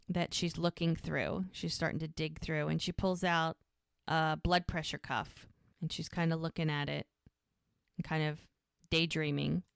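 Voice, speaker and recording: A woman's voice: deep voice, gravelly, fairly bright tone, clean tone, no room sound, studio quality. A middle-aged woman co-hosting a podcast, chatting casually as she recaps a TV episode and retells the scenes. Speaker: podcast co-host. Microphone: podcast microphone.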